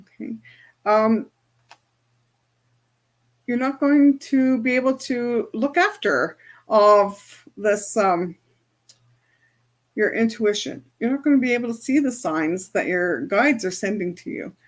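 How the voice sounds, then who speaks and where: Brief: woman coach, fairly high voice, casual chatty teaching to a group. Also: takes it slowly, pauses often. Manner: chatty, often checks in with "right?". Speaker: spiritual and business coach.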